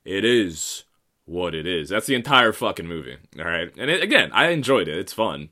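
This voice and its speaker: A man's voice: low voice, sing-song, normal speed, pushed and bright. A man in his thirties rambling through a casual, profane, self-mocking monologue. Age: 30s.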